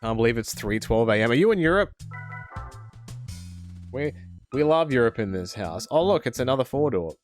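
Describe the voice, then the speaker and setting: A man's voice: medium pitch, sing-song, moderate pace, pauses often, soft background music. A man with an Australian accent chatting casually on a live game stream, rambling and answering chat as he plays.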